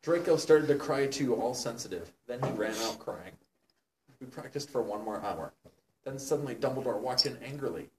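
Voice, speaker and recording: A man's voice: medium pitch, lively intonation, moderate pace. A young man reads aloud with mock seriousness and stops now and then to comment. His voice sounds a little far from the mic in a roomy, echoing space. A faint hiss sits underneath. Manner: mock-serious, breaking into laughter and asides. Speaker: reader of a fan story. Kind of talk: comedic dramatic reading.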